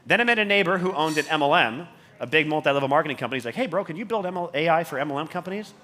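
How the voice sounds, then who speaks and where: A man giving a motivational talk on a conference stage. He swears constantly and keeps surging in volume when he gets excited. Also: fairly high pitch, racing. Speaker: conference speaker.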